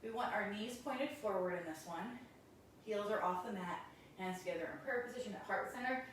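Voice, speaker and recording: A woman teaching a guided yoga class, giving calm, encouraging cues while doing the poses and a little out of breath. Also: medium pitch, a little fast, heavy reverb, recorded from a distance, slight background noise, low-quality recording. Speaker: yoga instructor.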